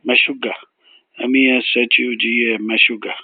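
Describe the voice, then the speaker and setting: Male vocabulary tutor, mid pitch, deliberate letter-by-letter spelling, thin lo-fi dry sound. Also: flat delivery, slight background noise. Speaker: vocabulary teacher. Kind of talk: spelling and defining foreign phrases. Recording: tinny phone-like audio, dry.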